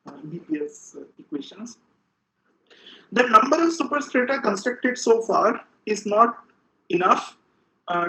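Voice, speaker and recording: A man giving an academic physics lecture as the seminar speaker, halting and full of filler sounds as he explains, in a lecture room. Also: high-pitched, a bit bright, poor audio.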